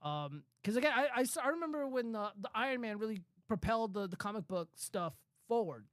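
A man's voice: sits high, animated, brisk, fairly bright tone, dry recording, clean studio sound. A man in his thirties hosting a casual commentary stream, talking in a rambling, profane way with lots of fillers. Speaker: show host.

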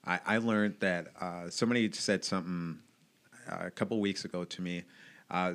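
A man in his late thirties talks as a podcast guest, open and reflective. His voice sits a little low but comes across bright and forward. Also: steady tone, normal speed. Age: late 30s. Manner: open and reflective, laughs often. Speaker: podcast guest, evangelist and motivational speaker. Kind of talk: casual chat.

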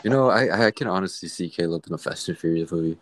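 Low-voiced young man, laid-back slang. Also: quick pace, slight background noise. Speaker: podcast co-host. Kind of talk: casual chat.

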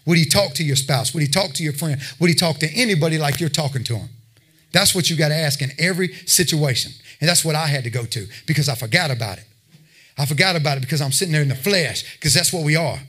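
A man's voice: fairly high pitch, lively intonation, quick pace, fairly bright tone, husky. Preacher man, conversational and emphatic. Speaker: pastor. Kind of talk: sermon.

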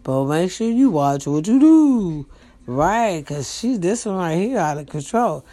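A woman's voice: fairly low pitch, sing-song, measured pace, mellow. A woman hosting a casual livestream from home, chatty and profane, talking straight to her viewers. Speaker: livestream host. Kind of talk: casual chat. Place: at home, indoors.

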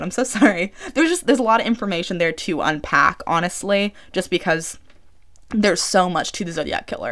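A woman of about twenty hosting her own podcast, chatting casually and rambling with lots of "like.". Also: lowish voice. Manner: chatty, rambling, heavy use of "like". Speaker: podcast host. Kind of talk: casual solo podcast chat. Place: small room she records in.

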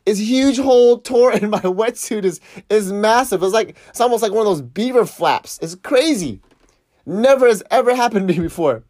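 A man's voice: high voice, animated, normal speed, darkish tone, no room sound, studio quality. A man telling a story casually, swearing and laughing as he reflects on a mishap while surfing. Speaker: surf vlogger.

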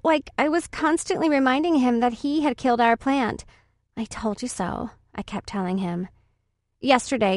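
A woman's voice: on the high side, darkish tone, no room sound, clean studio sound, natural voice. A woman voicing a vain schoolgirl who peppers her smug diary talk with "like.". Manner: valley-girl "like" fillers, smug. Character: vain, catty schoolgirl diarist. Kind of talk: audiobook reading.

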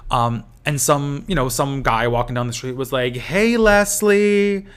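A man's voice: mid-range voice, level tone, moderate pace, a bit bright, clean tone. Chatty, profane man recapping a show. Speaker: podcast host. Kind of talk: casual recap chat.

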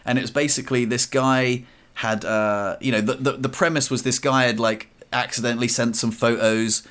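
A man's voice: medium pitch, steady tone, moderate pace, fairly bright tone. A man chatting casually on a podcast, rambling with fillers and restarts. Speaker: podcast co-host. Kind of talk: casual chat.

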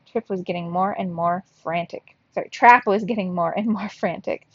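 A woman reading a children's chapter book aloud as a teacher, lively, with small slips and laughs at her own mistakes. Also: mid-range voice, moderate pace, hardly any pauses, husky, dry recording. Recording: slightly dull lo-fi recording in a dry room.

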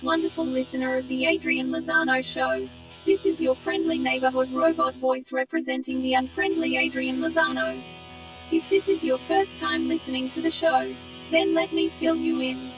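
A woman's voice: high voice, fairly even intonation, moderate pace, close to an everyday voice. A synthetic female voice playing a friendly robot announcer who teasingly introduces a show. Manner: chirpy, mocking show introduction. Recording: dull, distant, over loud music.

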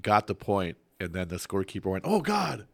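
A man co-hosting a casual sports podcast, chiming in with quick reactions and casual swearing. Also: low voice, level tone, no echo, studio quality. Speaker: podcast co-host.

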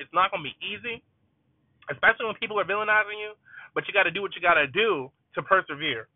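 High-voiced young man stuttering through a pep talk, tinny. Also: no echo. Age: young adult. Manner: stuttering, repeats words, addresses listeners as y'all. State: tired. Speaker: student advocate and podcast host. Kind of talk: casual motivational monologue. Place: inside a car. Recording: tinny phone-like sound.

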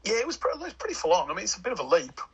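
A man in his forties from Hull, England, joins a podcast as a guest and chats casually, rambling with lots of fillers and restarts in his Hull accent. His high, fairly bright, slightly rough voice swoops wildly in pitch and races along, and the recording is muffled.

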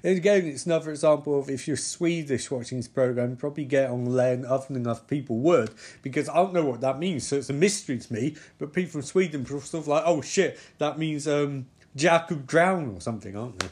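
Talking fast with hardly a pause, this medium-pitched man has a darkish, slightly rough voice. He's a TV episode reviewer doing a casual live-watch recap that is rambling, sweary, and sarcastic, regularly losing track of character names.

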